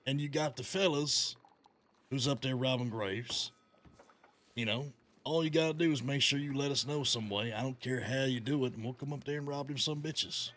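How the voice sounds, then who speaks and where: A man's voice: mid-range voice, normal speed, fairly bright tone. A man in character as a western outlaw gang leader, giving orders in a profane, folksy drawl over a headset mic. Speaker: gang leader in role-play.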